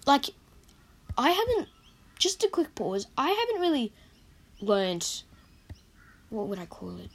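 Chatty young woman with a croaky voice. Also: a little high, sing-song, takes it slowly, long pauses. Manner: rambling, chatty, self-correcting. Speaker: vlogger. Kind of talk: casual movie countdown chat.

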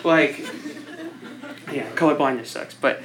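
A man's voice: on the high side, huge pitch swings, takes it slowly, heavy background noise. A young man giving an informal speech to a group. He rambles, fills his sentences with "like," and laughs at his own jokes. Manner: rambling, self-deprecating, laughs often; heavy use of "like" filler.

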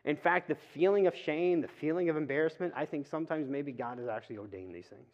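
A man giving a casual, conversational sermon in church, with quick asides. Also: a little high. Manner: chatty, acts out quick asides and voices. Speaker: preacher. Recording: reverberant hall, dull lo-fi sound.

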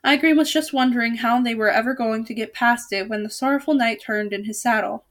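A woman's voice: on the high side, brisk, a bit bright. A woman reading a novel aloud, with casual asides and frequent self-corrections. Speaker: storybook reader.

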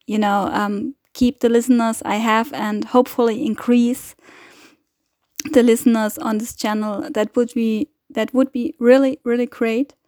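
Woman podcast host, higher voice, slow hesitant delivery full of fillers, dry close sound. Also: flat delivery, darkish tone, no room sound. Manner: hesitant, halting, many fillers and restarts. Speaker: podcast host giving weekly updates. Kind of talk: casual spoken appeal.

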